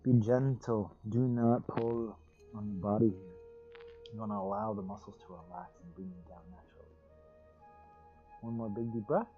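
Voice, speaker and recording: A man teaching a guided yoga class over a livestream, with calm, soothing, drawn-out cues and sighs of relief. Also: lowish voice, highs cut off, soft background music.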